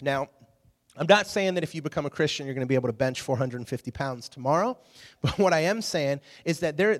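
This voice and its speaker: Man preaching in an echoing hall. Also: on the high side. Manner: animated storyteller, acts out quotes. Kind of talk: casual sermon with storytelling. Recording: long hall reverb.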